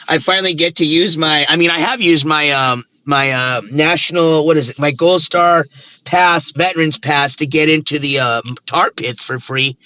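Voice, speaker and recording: A man's voice: on the high side, bright, forceful tone. Rambling man streaming from his car. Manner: rambling, talks to himself and chat, playful nonsense words. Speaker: live streamer. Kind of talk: casual live-stream chatter while driving. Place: inside a car. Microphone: Bluetooth mic. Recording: dull lo-fi stream audio with road noise.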